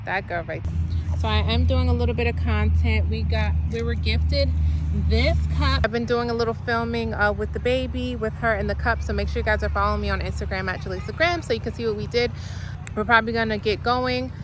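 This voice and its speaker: Chatty mom vlogging over car noise. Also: female voice, fairly high pitch, a little fast. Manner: chatty, rambling with many fillers. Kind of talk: casual vlog chat. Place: in and around a car, outdoors. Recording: noisy outdoor and car ambience.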